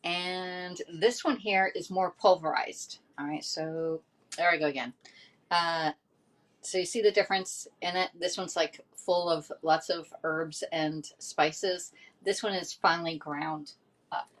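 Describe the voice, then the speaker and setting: Woman, casual home cooking host, rambling and self-amused, lowish voice. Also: fairly even intonation, a little slow. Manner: chatty, rambling, laughs at herself. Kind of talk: casual cooking demo chat.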